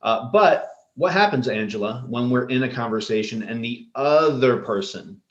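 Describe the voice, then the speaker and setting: A man's voice: mid-range voice, lively intonation, moderate pace. A man with a mid-range voice hosting a podcast, posing questions in an easygoing way. His voice sounds roomy and echoey, and the audio is dull and lo-fi. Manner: conversational, poses questions to co-hosts. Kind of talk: casual chat.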